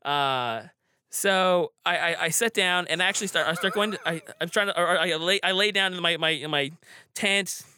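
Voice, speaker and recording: A man's voice: high-pitched, moderate pace, pushed and bright. A man telling a personal story casually, rambling with frequent restarts and fillers. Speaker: storyteller guest.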